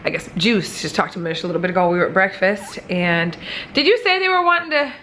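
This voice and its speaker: A woman's voice: medium pitch, animated, quick pace, pushed and bright, a little hiss or hum. Chatty, blunt pregnant woman vlogger. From American Midwest. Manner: chatty, blunt, swears freely, lots of fillers. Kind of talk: casual chat to camera.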